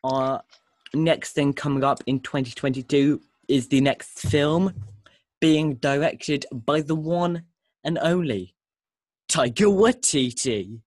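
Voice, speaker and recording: With a fairly high, darkish voice and a slow delivery, a man hosts a laid-back podcast chat. He's enthusiastic and rambling, restarts often, and there's no echo on the recording.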